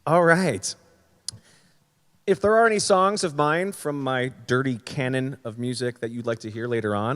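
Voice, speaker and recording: A man's voice: mid-range voice, animated, moderate pace, big-room sound. A man hosting his weekly comedy-music livestream from home, rambling in a self-deprecating way with crude jokes. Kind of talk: casual livestream banter. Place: home, streaming.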